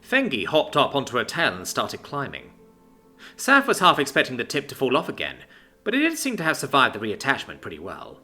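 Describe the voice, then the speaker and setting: A man narrating a fantasy story with a very animated, swinging delivery. His tone is bright and forward, with faint music playing underneath. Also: mid-range voice, fairly quick.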